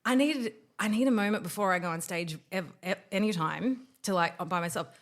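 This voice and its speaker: Woman podcast host; animated, dramatic storyteller, casual and a little profane. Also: mid-range voice, brisk. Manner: swears casually. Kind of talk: casual chat.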